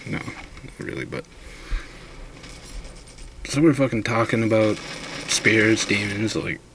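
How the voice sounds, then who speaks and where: A man's voice: on the low side, fairly bright tone, a little hiss or hum. A man casually telling a drunken ghost story, rambling and swearing a lot.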